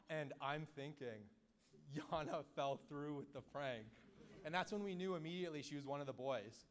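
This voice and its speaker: A man's voice: mid-range voice, a little fast. A young man telling a joking story as a friend's wedding speech into a handheld microphone at a reception. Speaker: wedding speaker, groom's friend.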